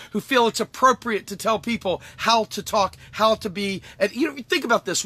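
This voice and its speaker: A man's voice: sits high, bright, forceful tone, dry recording. A man delivering an angry, emphatic political monologue as host, swearing and repeating lines for effect. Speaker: podcast host.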